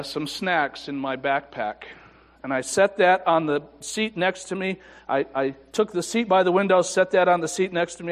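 A man preaching a sermon as a pastor, telling a personal story with dry humor and soft, reflective passages. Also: fairly high pitch. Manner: personal storytelling with self-deprecating humor and hushed reflective moments. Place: church sanctuary. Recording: church sanctuary with long reverb.

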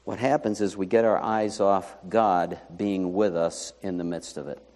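A male pastor preaching a sermon in a lively, conversational way, full of rhetorical questions to the congregation. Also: low-pitched, unhurried. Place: church sanctuary. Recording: long reverb in a large hall.

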